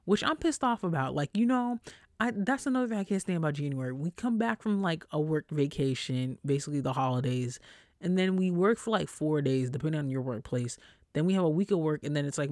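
A podcast host ranting casually about work, exasperated and profane, with lively storytelling and mocking voices for quoted coworkers. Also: mid-range voice, no echo, clean studio sound. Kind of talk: casual solo rant.

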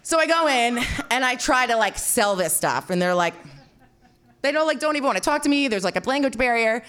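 A woman telling a personal story, animated and self-mocking, swearing freely and filling her talk with "like". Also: fairly high pitch, a little fast, smooth. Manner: animated, swearing, heavy filler "like"; self-mocking, frequent laughter.

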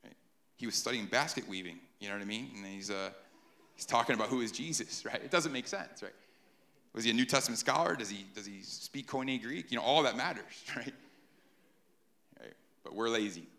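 A man's voice: medium pitch, animated, a little fast, vocal fry, pushed and bright. A man preaching a sermon in a conversational way, often checking in with the listeners by asking "right?". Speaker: pastor.

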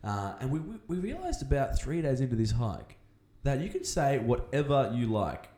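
A young Australian man co-hosting a podcast, telling jokey stories in a casual, animated way. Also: medium pitch, moderate pace. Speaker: podcast co-host. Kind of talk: casual chat, storytelling. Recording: echoey room.

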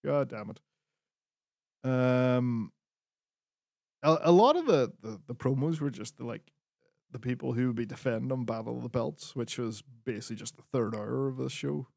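A man's voice: medium pitch, normal speed, creaky, pauses often, darkish tone, no echo, clean studio sound. A man co-hosting a podcast, recapping wrestling in a laid-back way with lots of fillers and the odd swear. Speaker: podcast co-host. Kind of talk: casual wrestling chat.

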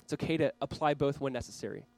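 A man's voice: medium pitch, fast talker, vocal fry, a little mellow, soft background music, poor audio. A man preaching a sermon as pastor, earnestly urging his listeners. He speaks straight to a camera for viewers watching online.

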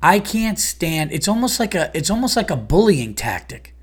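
A man's voice: high voice, very animated, normal speed, breathy edge. A comedian and podcast host ranting in a heated, profane, exasperated monologue about his day.

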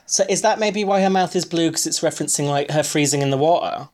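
A wry, teasing man hosting a casual podcast. His voice sits a little higher than most men's. He keeps a dry, joking tone throughout. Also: quick pace, a little mellow. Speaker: podcast host. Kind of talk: casual chat reviewing a TV show.

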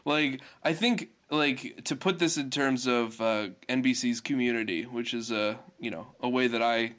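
A man in easygoing conversation, talking at a middling pitch and wandering through his points with plenty of "like" and "um". Now and then he jumps into playful quoted voices before settling back. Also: moderate pace. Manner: rambling, many fillers, animated acted quotes. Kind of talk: casual chat reviewing a cartoon episode.

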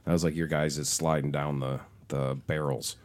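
A man's voice: a bass voice, flat delivery, normal speed, slight background noise. Laid-back man telling rambling stories. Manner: profane, rambling storyteller, laughs often. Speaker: podcast co-host. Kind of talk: casual chat.

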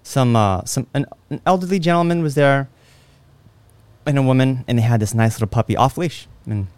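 A man's voice: medium pitch, fairly quick, clean tone, no echo. A man hosting a podcast, telling stories in casual chat with plenty of fillers. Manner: animated storyteller who acts out quotes; lots of fillers. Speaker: podcast host.

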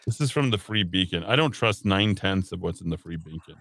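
A man's voice: deep voice, lively intonation, brisk, fairly bright tone, dry recording. A man hosting a talk radio show, reading listener texts aloud with sarcastic jokes. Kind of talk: casual radio banter.

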